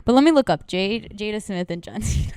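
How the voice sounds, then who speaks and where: A young woman co-hosting a podcast in a casual chat, animated and laughing often, with lots of "like" in her speech. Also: mid-range voice, fairly quick, a crowd in the background. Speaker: podcast co-host.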